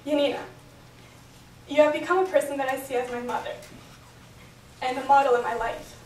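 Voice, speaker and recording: A young woman whose voice sits high and is a little mellow reads an earnest, emotional prepared speech from notes at her bat mitzvah, fairly quick and with fairly even intonation. She's recorded at a distance in an echoey hotel function room, with a little hiss or hum.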